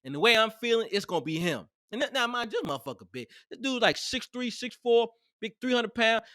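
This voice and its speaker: Man, casual storyteller, animated and profane, high pitched voice, close dry sound. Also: brisk, no room sound.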